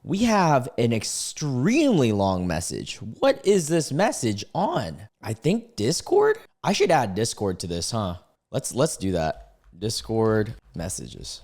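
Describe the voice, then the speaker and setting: A man's voice: medium pitch, huge pitch swings, slow pace, darkish tone. A young man hosting a casual reaction video, laid-back and slangy, often laughing and exclaiming.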